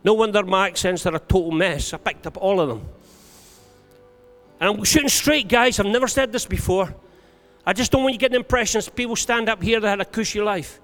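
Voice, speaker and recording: A man preaching in a sermon, his voice pitched very high for a man. He tells his stories to the congregation and then lifts into shouted calls to praise. A long hall reverb and faint music sit behind him. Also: brisk. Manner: storytelling, rising to shouted exhortation.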